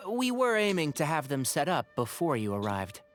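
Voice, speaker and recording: A calm, practical young forest ranger in a game speaks in a slightly high voice with lively inflection. He sounds composed and friendly throughout. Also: normal speed. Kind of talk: game voice acting.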